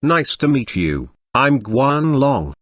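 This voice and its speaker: A man's voice: mid-range voice, big pitch swings, slow pace, fairly bright tone, dry recording, studio quality, heavily acted. A man reading the lines of a courteous martial arts man, polite and formal.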